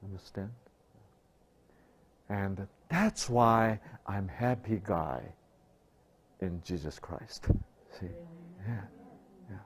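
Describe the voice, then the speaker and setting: A middle-aged male pastor preaching a sermon, asking rhetorical questions and swinging from loud to hushed. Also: lowish voice, lively intonation, drawn-out words, long pauses, slight background noise.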